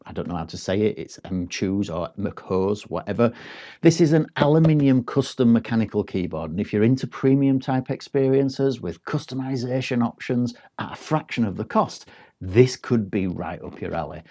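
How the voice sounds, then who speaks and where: A man's voice: mid-range voice, lively intonation, moderate pace, mellow. A man giving a casual, rambling product review, with frequent ums and restarts. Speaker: tech reviewer.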